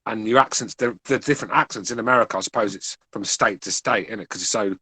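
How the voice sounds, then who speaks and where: A man with an English accent talks at a quick clip on a boxing podcast. His voice is bright and forward, and the sound is close and dry. He rambles through restarts and swearing in easy chat. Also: lowish voice, husky, no echo. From England. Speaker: podcast panelist. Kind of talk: casual chat.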